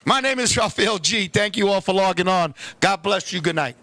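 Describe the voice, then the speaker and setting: A man hosting a comedy show, ranting loudly and brashly, swearing freely and sometimes breaking into chants. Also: high-pitched, expressive, normal speed, a little hiss or hum. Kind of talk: comic rant.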